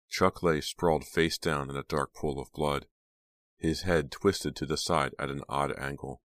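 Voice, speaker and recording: A man reading an audiobook aloud in a steady, measured way. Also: extremely low pitch, dry recording, studio quality. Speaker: audiobook narrator. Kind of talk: scripted audiobook narration.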